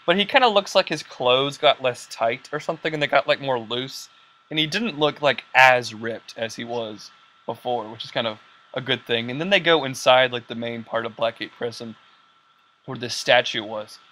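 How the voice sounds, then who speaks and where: A young man hosting a casual podcast, rambling excitedly with lots of fillers and quoted lines. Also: mid-range voice, normal speed. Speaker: podcast host. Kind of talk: casual chat.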